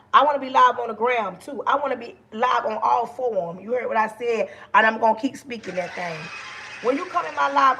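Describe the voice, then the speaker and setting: Woman, middle-aged, livestream host, gravelly voice, loud, passionate, preachy. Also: on the high side, slight background noise. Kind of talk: casual livestream talk to viewers.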